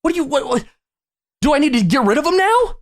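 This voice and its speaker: A man voicing his stern, angry middle-aged father scolding his son in a gruff, exasperated way, in a storytime video. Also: very high voice, big pitch swings, quick pace, no echo, studio quality, pitched above the performer's own voice, full character voice.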